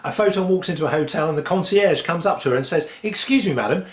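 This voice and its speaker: A man telling science jokes in a lively way, dropping punchlines deadpan. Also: fairly high pitch, fast talker. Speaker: host. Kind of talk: comic joke telling. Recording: echoey room with faint noise.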